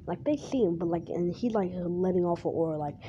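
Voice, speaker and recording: A woman's voice: on the low side, a little fast, dark tone. A woman telling a fan story in a rambling, casual way, full of "like" and restarts. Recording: dull lo-fi with faint hiss.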